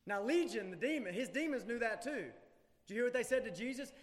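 A male pastor preaching a sermon in a church, emphatic, swinging from loud urgency to hushed intensity. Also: very high voice, animated, fast talker. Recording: long hall reverb.

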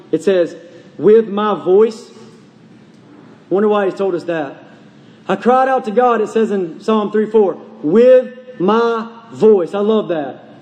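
In a church sanctuary, a pastor with a very high, darkish voice preaches to his congregation. He presses them with urgent questions, asking them again and again, while the large hall gives a long reverb.

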